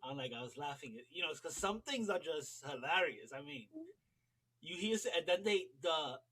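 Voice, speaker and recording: A man's voice: a little high, expressive, moderate pace, bright, forceful tone, breathy edge, poor audio. An American man chatting casually as a regular on a talk show, telling rambling, amused stories. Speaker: regular guest. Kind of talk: casual chat.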